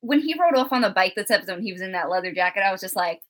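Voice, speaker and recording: A woman's voice: medium pitch, animated, very fast, a bit bright. A young woman co-hosting a live show discussion, chatty and giggly, reading out viewer comments. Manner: chatty, giggly, filler-heavy. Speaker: co-host.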